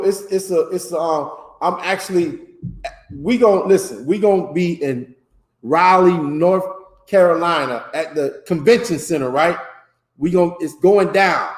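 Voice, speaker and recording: A man from Florida leads an informal religious class with a high voice. He speaks in loose, rambling, emphatic street talk. The room around him is echoey. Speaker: teacher.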